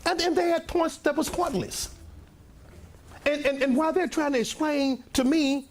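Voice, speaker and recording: An older man, a pastor telling a rambling, animated story in a sermon to his congregation, often clearing his throat and coughing. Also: very high voice, normal speed, a little hiss or hum. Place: church meeting room with a congregation.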